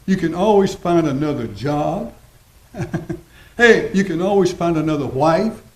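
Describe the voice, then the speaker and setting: A man preaching a sermon as pastor, folksy and repetitive, slowing down to stress his points. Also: on the high side, animated. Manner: folksy preaching, repeats phrases, slows for emphasis. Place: church sanctuary. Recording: roomy church echo.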